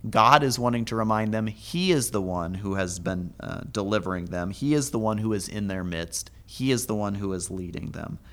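A man teaching a Hebrew Bible lesson, methodically reading the verses aloud slowly and explaining the grammar. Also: lowish voice, a bit bright.

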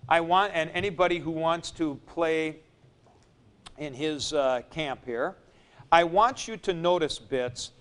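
A man teaching a class, explaining forms step by step with fillers and pauses as he moves around the room. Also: on the high side, a bit bright, smooth. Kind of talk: classroom lecture.

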